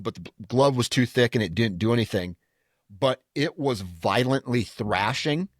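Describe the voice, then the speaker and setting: A man in casual podcast chat tosses off quick replies and jokes in a mid-range voice. The sound is dry and close, with no room echo. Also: medium pitch. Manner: quick back-channel replies, jokey. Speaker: podcast co-host.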